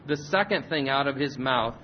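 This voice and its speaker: A man's voice: lively intonation, moderate pace. A man preaching a sermon and leading a prayer, earnest, repeating and restarting phrases. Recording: slightly muffled recording with faint rumble.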